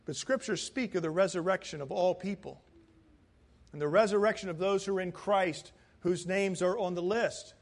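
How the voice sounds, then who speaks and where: A male pastor with a notably high voice preaches a sermon in a church. His delivery is dramatic, dropping to near-whispers and then rising to loud cries. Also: moderate pace. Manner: dramatic, swings from hushed to shouting. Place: church sanctuary.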